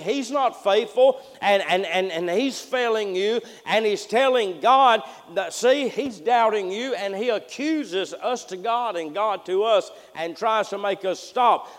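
A male preacher with a notably high voice delivers a folksy sermon, stumbling through repeated "and, and" restarts. He drops to near-whispers and then climbs back to loud, ringing passages. The recording carries the long reverb of a church sanctuary. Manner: folksy, repetitive restarts, swings from hushed to loud. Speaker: pastor.

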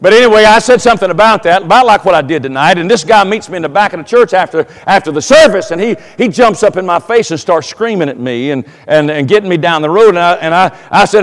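A man preaching a sermon as pastor, telling folksy stories and rising to loud, emphatic preaching. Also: high voice, lively intonation, quick pace, few pauses, big-room sound. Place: church sanctuary.

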